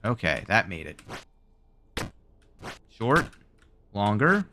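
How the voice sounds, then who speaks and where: A man's voice: on the low side, big pitch swings, slow pace, sharp tone, slight background noise. A man with a Southern drawl giving live gameplay commentary, thinking aloud in rambling self-talk, his voice wearing out. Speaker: streamer.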